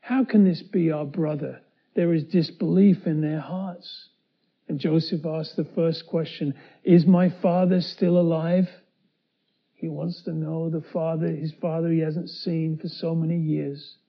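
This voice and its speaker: A high-pitched man preaching a sermon and retelling a scripture story. He acts out the characters, going from loud to hushed. The recording sounds a little dull. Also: flat delivery, a little slow, husky. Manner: dramatic, voicing the characters with swings from loud to hushed.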